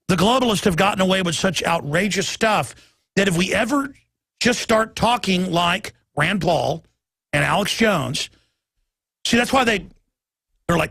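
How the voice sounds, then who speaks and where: A man's voice: high-pitched, animated, normal speed, creaky, a bit bright, breathy edge, no room sound. A man hosting a talk radio show, delivering a heated, emphatic monologue and stumbling over repeated words as he pushes his point.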